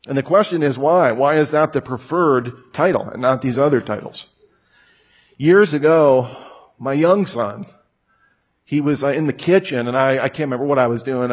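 A man's voice: mid-range voice, husky. A man in his thirties preaching a conversational sermon, telling stories with humor. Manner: casual, storytelling with humor.

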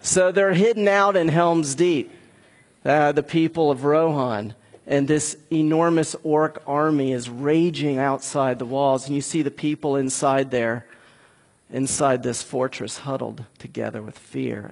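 A man preaching a conversational, animated sermon, speaking directly to his congregation. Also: mid-range voice, a little slow, long reverb tail. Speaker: pastor.

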